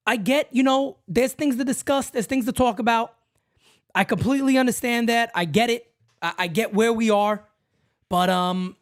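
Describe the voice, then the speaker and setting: A man hosting a casual fan show and answering callers in an animated, slangy way that repeats itself. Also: high-pitched, normal speed. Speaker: host taking fan calls.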